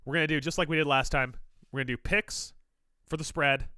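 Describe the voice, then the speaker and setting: A man's voice: on the high side, steady tone, a little fast, sharp tone, smooth, dry recording, clean studio sound. A man co-hosting a sports podcast, joking and teasing in casual chat, a little stuffy from allergies. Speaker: podcast co-host.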